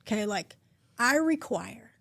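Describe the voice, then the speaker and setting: A woman in her forties co-hosting a podcast, talking in a heartfelt, open, expressive way. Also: a little high, a little slow, gravelly, dry recording. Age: 40s. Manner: heartfelt and expressive, talks openly and at length. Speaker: podcast co-host. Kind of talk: casual podcast chat.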